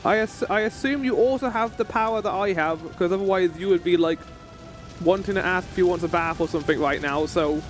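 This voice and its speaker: A man's voice: sits high, brisk, soft background music. A man streaming a game, chatting casually and joking with frequent laughs. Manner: chatty, jokey, laughs often. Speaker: gaming streamer.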